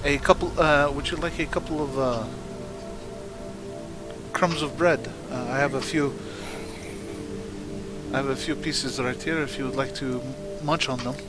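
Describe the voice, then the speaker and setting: A man playing a polite adventurer who greets a stag formally and pauses often with fillers. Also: mid-range voice, fairly even intonation, loud music behind the voice, close to an everyday voice. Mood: courteous. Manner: courteous, formal, halting with fillers.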